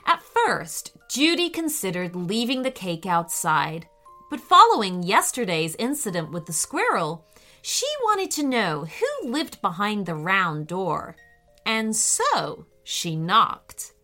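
A woman narrating a children's story in a slow, expressive way. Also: mid-range voice, faint music behind.

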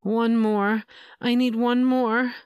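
A woman's voice: on the high side, level tone, takes it slowly, clean tone, no echo, highs cut off, voice pushed up. A woman narrator voicing an adult woman lover in a breathless, pleading way, for an adult audio story.

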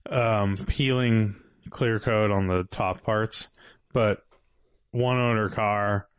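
A man's voice: fairly low pitch, steady tone, slow pace, clean tone, no echo. A man telling rambling stories in a casual chat about cars. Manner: laid-back, rambling storyteller.

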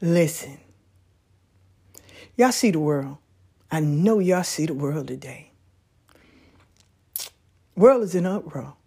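A woman talking casually on a back porch outdoors, telling stories in a folksy, animated way. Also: sits low, takes it slowly, pauses often, breathy edge. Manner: folksy, animated storytelling with laughs. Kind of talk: casual monologue.

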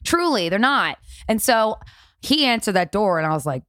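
A woman co-hosting a podcast, telling stories in a brash, loose way. She swears freely and laughs often. Her voice sits at an ordinary middle pitch and is recorded close and dry. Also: very animated, moderate pace, a bit bright, no room sound. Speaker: podcast co-host. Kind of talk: casual chat.

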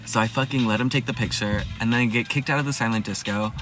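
A young man hosting a podcast, retelling a night out in a loud, profane, dramatic way. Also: mid-range voice, steady tone, fast, soft background music. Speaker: podcast host. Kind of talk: casual storytelling podcast.

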